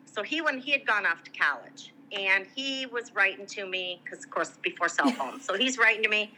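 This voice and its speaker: A woman's voice: mid-range voice, moderate pace, a little hiss or hum, low-quality recording. A middle-aged woman from Michigan telling a long personal story in casual chat, acting out the voices of people she quotes. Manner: animated, acts out quoted voices. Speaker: guest.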